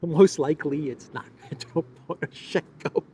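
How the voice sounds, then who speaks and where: A man's voice: a little high, moderate pace, mellow, a little hiss or hum. A man hosting a casual political commentary show, sarcastic and playful, often laughing and drawing out words for emphasis. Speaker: host.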